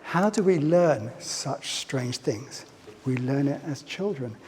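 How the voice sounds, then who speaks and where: A man's voice: mid-range voice, lively intonation, takes it slowly, a little mellow, slight background noise. A man giving a public lecture, playful and fond of asking his audience questions. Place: lecture hall. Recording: lecture hall reverb, faint ambience.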